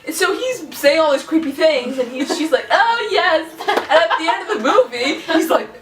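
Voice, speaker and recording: A high-voiced woman rants in animated fashion, mocking the film with exaggerated impressions. The room sounds roomy and she sits away from the mic. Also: moderate pace, recorded from a distance. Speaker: film reviewer. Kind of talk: casual review chat.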